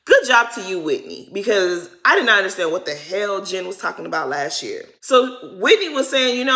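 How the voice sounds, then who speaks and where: A woman giving a casual reality-TV recap, chatty and slangy, swinging between loud emphasis and muttered asides. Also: medium pitch, big pitch swings, moderate pace, few pauses. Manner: chatty, slangy and dramatic, addressing viewers as "y'all". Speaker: recap vlogger.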